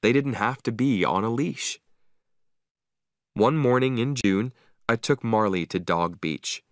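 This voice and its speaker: A man narrating a simplified story for English learners, slow, carefully enunciated and expressive. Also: mid-range voice, dry recording, clean studio sound.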